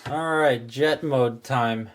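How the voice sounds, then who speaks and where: A man's voice: mid-range voice, takes it slowly. A man hosting a casual toy review, chatting his way through each step as he handles the figure.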